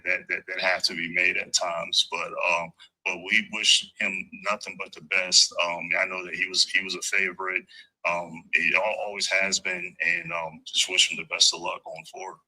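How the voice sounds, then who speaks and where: A man answering a reporter's question as a team executive, measured and hesitant with many pauses. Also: deep voice, pushed and bright, poor audio. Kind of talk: press conference answer.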